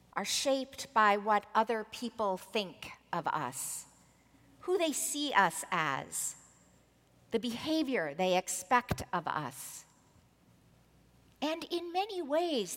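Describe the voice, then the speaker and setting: Expressive woman preacher in a reverberant hall. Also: fairly high pitch. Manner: storytelling, expressive, acts out quoted voices. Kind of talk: sermon.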